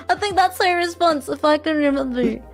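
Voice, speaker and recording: A woman's voice: extremely high pitch, lively intonation, a little slow, creaky, faint music behind. A young woman guest on an interview show, chatting casually, laughing often and hesitating with fillers. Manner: giggly, hesitant, lots of fillers.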